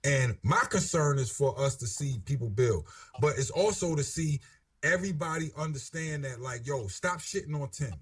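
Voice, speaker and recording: A man's voice: on the high side, lively intonation, moderate pace, breathy edge. A man making his case insistently in a heated discussion, often repeating himself. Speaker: panelist in a debate.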